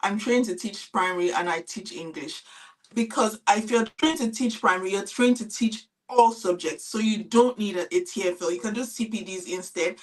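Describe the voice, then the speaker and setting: A woman's voice: medium pitch, normal speed, distant mic, low-quality recording. Earnest woman teacher giving advice. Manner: earnest, advising, explanatory. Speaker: teacher and guest panelist. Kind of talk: live-stream panel Q&A. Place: lives in England.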